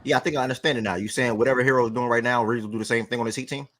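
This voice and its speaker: A man in his twenties hosting a casual sports talk show, animated, swearing and talking straight to viewers. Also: mid-range voice, very fast. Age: 20s.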